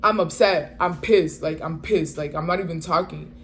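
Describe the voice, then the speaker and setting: A woman in her twenties telling a casual storytime, animated and slangy, retelling with exasperation. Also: deep voice, moderate pace. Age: 20s. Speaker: vlogger.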